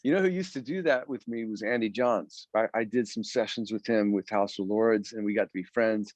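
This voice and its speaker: A male guest guitarist on a video call, telling studio stories in a rambling, animated way. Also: fairly low pitch, brisk, dry recording. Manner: rambling, animated storyteller who acts out quotes. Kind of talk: casual storytelling in an interview. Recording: dry, dull lo-fi call audio.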